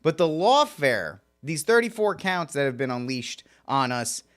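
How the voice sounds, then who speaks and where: A man hosts a talk radio show in a fairly high, very lively voice that swoops up and down. He comments with quick sarcastic asides and plenty of emphasis.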